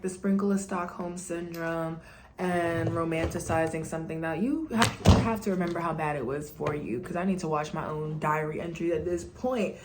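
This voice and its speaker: A young woman vlogger, venting candidly to her camera in casual, animated talk and often mimicking the people she quotes. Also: fairly low pitch, brisk, a little hiss or hum. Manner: candid and animated, slipping into mocking quoted voices.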